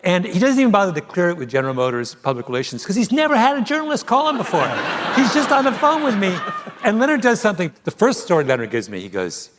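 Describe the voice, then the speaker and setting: A man's voice: high voice, fast talker, very noisy. Chatty guy telling a story live on stage, voice swoops up and down, laughs a lot. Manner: animated storytelling, laughs often. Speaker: author being interviewed. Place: theater stage before an audience.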